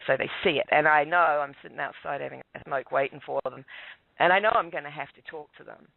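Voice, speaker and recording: A man's voice: a little high, fast, gravelly, no echo. Man rambling his story over a phone line. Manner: rambling, self-mocking, chuckles often. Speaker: guest caller. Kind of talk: casual storytelling. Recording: tinny dry phone line.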